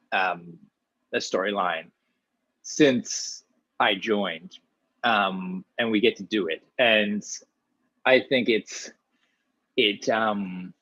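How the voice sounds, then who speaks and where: Man from small-town Ontario, actor guest, chatty and rambling, mid-pitched voice, dull dry lo-fi recording. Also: no room sound. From small-town Ontario, Canada. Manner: chatty, animated, many restarts, quick asides. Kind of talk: casual interview answers.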